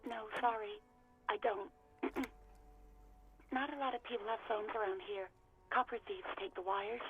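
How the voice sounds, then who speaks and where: A reluctant caller on a tinny phone. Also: female voice, medium pitch, moderate pace, soft background music. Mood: guarded. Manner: guarded, reluctant answers. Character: weary young woman on a phone call. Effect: telephone filter. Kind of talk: video game voice acting.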